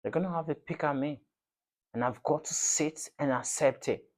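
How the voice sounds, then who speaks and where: A man's voice: a little high, normal speed, a little mellow. Brief: man, football fan channel host, impassioned slangy rant to camera, repeats himself for emphasis. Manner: passionate, ranting, repetitive, slangy.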